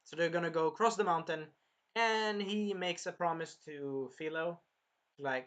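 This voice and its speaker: A man with a slightly high voice rambles through a casual anime episode review. He retells scenes as he goes and swears now and then, in an easy, unpolished way. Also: normal speed, fairly bright tone, lo-fi sound.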